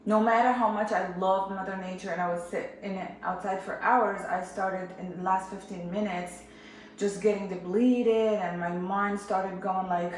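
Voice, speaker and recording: A woman from Jerusalem candidly retelling a personal experience in an animated way. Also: mid-range voice, moderate pace, slight background noise. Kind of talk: personal storytelling. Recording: echoey room.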